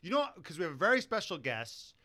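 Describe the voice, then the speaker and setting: Hyped podcast guy, bouncy lively pitch, bright sound, laughs and swears a lot. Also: fast. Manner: excitable, laughing, swears freely. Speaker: podcast co-host. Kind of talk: casual chat.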